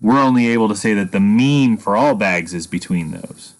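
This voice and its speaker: Low-voiced man teaching statistics. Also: animated. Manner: patient, measured explaining with dry humor. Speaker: math teacher. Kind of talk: screen-recorded statistics lesson.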